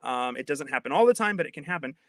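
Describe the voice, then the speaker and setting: Brief: man in his thirties, guest expert, fairly high bright voice, dry close sound, lively chatty explainer who restarts a lot. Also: quick pace, no echo. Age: 30s. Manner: animated, chatty, with frequent restarts. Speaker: guest linguist. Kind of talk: casual explanatory chat.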